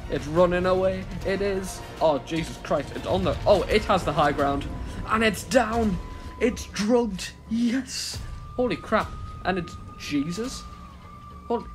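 Excitable British man playing a game. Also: a little high. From Britain. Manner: excitable, self-mocking, breaks into laughs and panicked shouts. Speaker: gaming YouTuber. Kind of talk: gameplay commentary.

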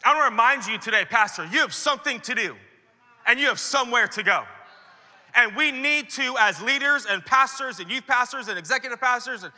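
A man's voice: very high voice, animated, a little fast, bright, forceful tone, long reverb tail. A man preaching a sermon to church leaders at a conference, talking casually and acting out the voices he quotes. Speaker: pastor. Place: large conference hall.

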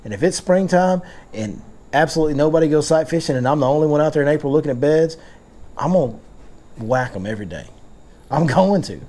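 A man's voice: fairly high pitch, animated, fast, warm tone. A man hosting a casual fishing seminar, telling stories and joking in Southern slang. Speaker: fishing guide and seminar host.

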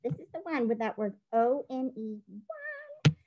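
A woman teacher giving a recorded phonics dictation lesson, playful and spelling things out clearly. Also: high voice, huge pitch swings, a little slow, muffled recording, very noisy.

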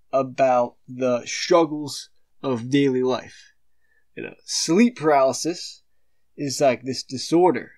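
A teenage male comedic commentator ranting in a sneering, dismissive, slangy way, with slow, drawn-out delivery. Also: mid-range voice. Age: late teens. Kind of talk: satirical rant reading online posts.

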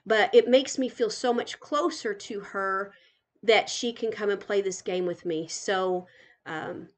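A woman's voice: medium pitch, a little slow. Gushing grandmother touring a game island. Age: older. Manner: gushing, chatty, giggly. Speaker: gaming channel host. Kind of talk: casual live game tour commentary.

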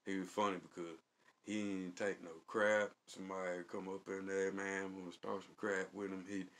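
A man's voice: sits low, level tone, moderate pace, a bit bright. A man telling rambling, colloquial stories in a casual vlog, chuckling often. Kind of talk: casual storytelling.

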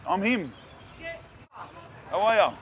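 A young Australian man hosting a food vlog, chatting in a loud, joking, slangy way. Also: high voice, animated, slow pace. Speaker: food vlogger host. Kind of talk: casual vlog chat.

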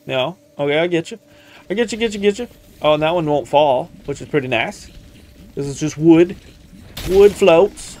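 A man chatting his way through a video game, talking back to the screen and muttering as he plays. His voice sits a little high for a man, and he hams up a put-on country accent for fun. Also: a little mellow, slight background noise. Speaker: gaming streamer. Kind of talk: casual let's-play commentary.

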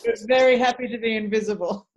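A woman's voice: a little high, fast talker, lo-fi sound, a little hiss or hum. Articulate Australian woman dialect coach. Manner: articulate, animated, thinks aloud with restarts. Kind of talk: casual interview chat.

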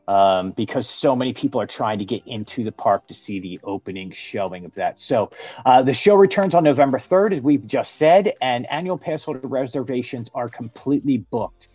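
A man's voice: mid-range voice, a little mellow, dry recording. Casual male podcast co-host, reads news with fillers and stumbles, dry lo-fi sound, faint music behind. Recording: dry, dull lo-fi podcast audio.

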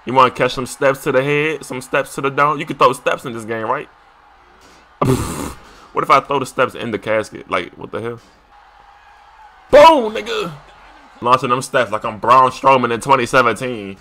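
A young man commentating a wrestling video game as he plays it, excitable and slangy, shouting and trash-talking at the screen. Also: mid-range voice, normal speed. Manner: loose slangy casual speech. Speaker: gaming YouTuber. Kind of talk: live gameplay commentary.

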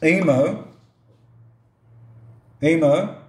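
A middle-aged man casually reviewing a toy robot at a table, relaxed and joking, talking to it like a pet. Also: fairly high pitch, extremely slow, roomy sound. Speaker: product reviewer. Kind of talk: casual product review vlog. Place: indoors at a table or counter.

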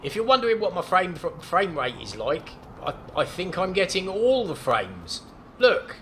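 A man's voice: high voice, big pitch swings, moderate pace, a bit bright, a little hiss or hum. A man hosting his gaming channel, giving casual, jokey, awestruck commentary as he plays.

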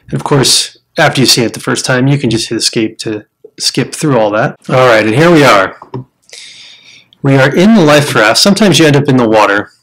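A man's voice: medium pitch, expressive, fairly quick. Chatty American man walking viewers through a game. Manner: chatty, explains steps to viewers as he plays; breaks into loud startled exclamations. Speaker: gamer showing a survival game. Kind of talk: casual game commentary.

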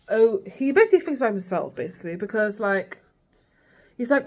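A woman's voice: mid-range voice, normal speed, darkish tone. A woman vlogging a casual, rambling recap of a TV series, full of "like" and "girl" asides.

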